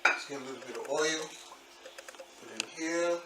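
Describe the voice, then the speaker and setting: A man's voice: normal speed, noisy background. Man, home cook, loose and chatty, recorded off-mic in a roomy kitchen. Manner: chatty, relaxed, says "boom" while chopping. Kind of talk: casual cooking demo. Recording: echoey kitchen, far from mic, loud frying.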